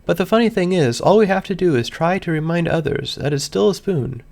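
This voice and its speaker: A man voicing a cheerful, gentle pony mare who talks in a soft, earnest, lilting way. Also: high-pitched, lively intonation, a little fast, creaky, voice pushed up. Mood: gentle coaxing.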